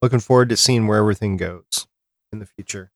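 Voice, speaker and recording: A man's voice: on the low side, fast, dry recording, studio quality. Easygoing man hosting a podcast. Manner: relaxed, joking asides. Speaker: podcast host. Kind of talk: casual chat.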